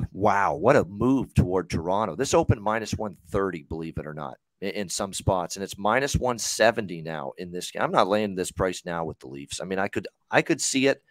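A man's voice: low-pitched, animated, moderate pace, hardly any pauses, no echo. Dry-voiced rambling male sports betting host. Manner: rambling, profane, filler-heavy. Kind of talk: casual betting analysis.

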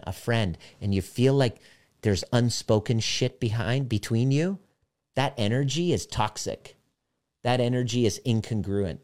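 Low-voiced candid male coach. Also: darkish tone. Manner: candid, profane storytelling. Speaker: personal development coach. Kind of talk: casual monologue.

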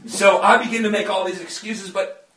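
A man's voice: high voice, steady tone, moderate pace, bright, forceful tone. A man preaching a sermon in a chatty way, often laughing and joking with the congregation in a church. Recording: echoey church from a distant mic.

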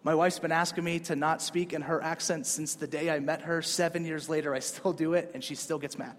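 Man, pastor, high voice, casual sermon delivery, long reverb of a church hall. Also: steady tone, a little fast, slight background noise. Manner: casual, conversational preaching with rising emphatic peaks.

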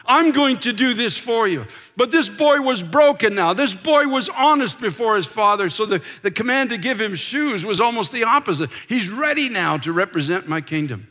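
A man preaching from a church pulpit, his voice high and bright. He presses on with passion, repeating himself and sometimes dropping almost to a whisper. The sound carries a long reverb from the large sanctuary around him. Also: animated, moderate pace, few pauses. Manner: passionate preaching, repeats words, dips into soft whispered prayers. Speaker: pastor. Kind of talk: sermon.

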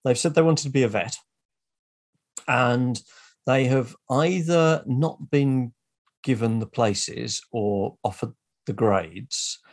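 A man's voice: medium pitch, slow. An older man hosting an interview, asking prompting and teasing questions in casual chat. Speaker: podcast host, vet.

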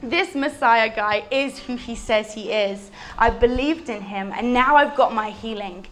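A woman's voice: fairly high pitch, measured pace, fairly bright tone, faint music behind. A woman voicing a flustered, desperate woman in a crowd who talks in gushing exclamations. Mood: amazed.

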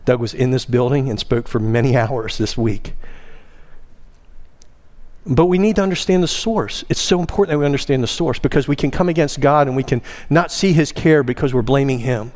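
A man's voice: a little fast, a little mellow. A man preaching in a church, stressing key words and leading the congregation in reciting together. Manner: emphatic, rising in pitch on key words; leads the congregation in call-and-response. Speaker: pastor. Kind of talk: sermon. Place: church sanctuary.

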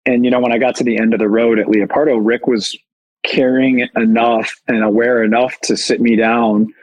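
A husky-voiced man telling a story on a podcast, animated and candid. His voice has a breathy rasp at a middle pitch. He pokes fun at himself as he talks. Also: moderate pace, poor audio. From Chicago. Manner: animated, candid, self-deprecating. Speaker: guest, company founder. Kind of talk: casual storytelling.

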